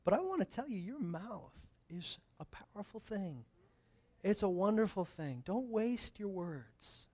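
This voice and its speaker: A man's voice: high-pitched, big pitch swings, unhurried, a little mellow. A male pastor preaching a sermon, telling stories casually and then building to emphatic, raised declarations.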